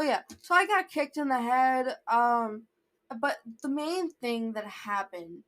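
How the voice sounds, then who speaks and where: Young woman vlogger with a high voice, chatty storytime delivery that keeps wandering off track. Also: a bit bright. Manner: rambling, sidetracked, self-interrupting. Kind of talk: rambling storytime vlog.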